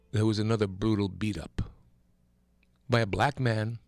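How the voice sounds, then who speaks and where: A man's voice: lowish voice, fairly even intonation, normal speed, creaky, long pauses, faint music behind. Impassioned male talk radio host. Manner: impassioned, emphatic, rising to near-shouting. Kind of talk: political commentary monologue. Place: radio studio.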